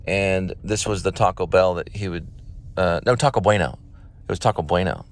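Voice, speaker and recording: A man's voice: sits low, normal speed. A man talking in a rambling, meandering way while driving around, reminiscing as he goes. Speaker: vlogger.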